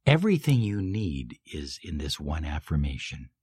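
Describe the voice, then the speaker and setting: A man speaking as a life coach in a motivational talk, leading affirmations and shifting from emphatic, pumped-up lines to soft, slow ones. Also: extremely low pitch, sing-song, husky, dry recording, clean studio sound.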